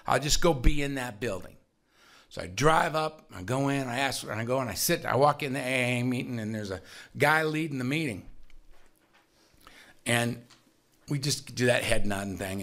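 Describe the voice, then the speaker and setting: Gravelly man telling a recovery story. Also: mid-range voice. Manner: animated storyteller, acts out voices, laughs often. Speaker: recovery speaker. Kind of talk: personal storytelling talk.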